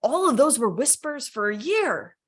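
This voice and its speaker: A very animated woman with a high-pitched, fairly bright voice speaks at a moderate pace, recounting a personal story to a live webinar audience over video call from her home workspace. She is candid and conversational, regularly asking listeners "right?"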